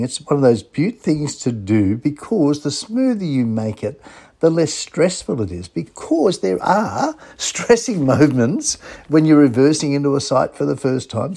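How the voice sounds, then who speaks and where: A man's voice: medium pitch, warm tone, slightly rough. A middle-aged Australian man hosting a radio show, chatting in a rambling, friendly way with plenty of fillers. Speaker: radio host. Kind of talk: casual radio chat.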